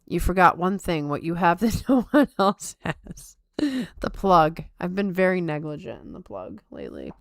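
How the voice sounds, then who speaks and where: Casting: young woman podcaster, rambling and self-mocking, Valley Girl lilt, smooth voice on a dry mic. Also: fairly low pitch, sing-song, normal speed, no echo. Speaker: podcast host. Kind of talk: casual chat.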